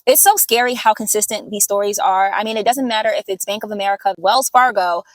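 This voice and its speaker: A woman's voice: medium pitch, quick pace, dry recording. A woman hosting a reaction video, talking casually to viewers and asking them questions. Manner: conversational, asks viewers questions.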